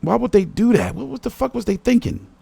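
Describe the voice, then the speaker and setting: A man's voice: high voice, big pitch swings, a little fast, vocal fry, warm tone, slightly rough, no echo. A man hosting a boxing talk stream, swearing a lot and rambling as he reacts to clips and talks back to his viewers. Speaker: boxing commentary host. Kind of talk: casual reaction commentary.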